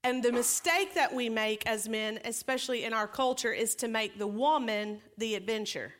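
Lady pastor preaching, chatty and funny, kinda high voice. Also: normal speed. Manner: lively, joking, self-deprecating storytelling. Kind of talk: conversational sermon.

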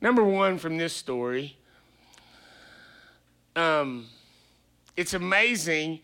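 Pastor guy preaching like he's chatting, high voice, asks lots of questions. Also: lively intonation, takes it slowly, pushed and bright. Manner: chatty, laughing, rhetorical questions. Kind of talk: conversational sermon.

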